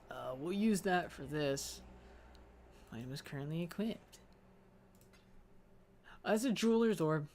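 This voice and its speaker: A young man casually commenting on his own gameplay, rambling and joking to himself as he plays. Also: fairly high pitch. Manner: rambling, joking self-talk. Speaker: gaming video host. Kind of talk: casual let's-play commentary.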